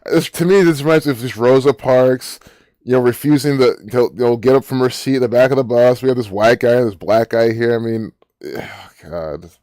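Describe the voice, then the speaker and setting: A man's voice: medium pitch, moderate pace, a little mellow, no echo, clean studio sound. A man hosting his own channel, giving rambling, profane and indignant commentary while reading from a screen. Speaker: channel host.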